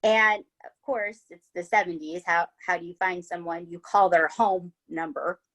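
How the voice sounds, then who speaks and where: A woman's voice: on the low side, fairly even intonation, normal speed, fairly bright tone. A woman hosting a podcast, telling a true-crime story in a casual, chatty way, swearing freely and checking in with "right?" and "okay?". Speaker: podcast host.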